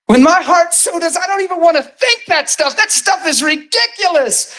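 A man preaching a sermon and telling his testimony in an animated storytelling manner, bursting into shouts at times. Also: very high-pitched, normal speed, hardly any pauses.

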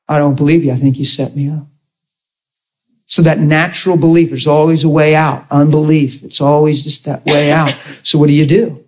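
A man's voice: a little high, little pitch movement, normal speed, slightly rough, highs cut off. A man preaching to a congregation and telling an emotional story, acting out the voices of the people in it. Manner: emotional, acts out quoted voices. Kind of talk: storytelling sermon.

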